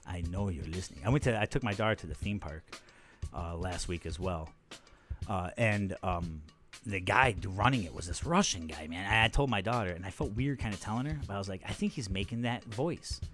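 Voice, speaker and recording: A low-voiced male podcast host rambling through a comedic monologue. He talks in a loose, profane, self-mocking way. Faint music plays behind him. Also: animated, brisk, fairly bright tone.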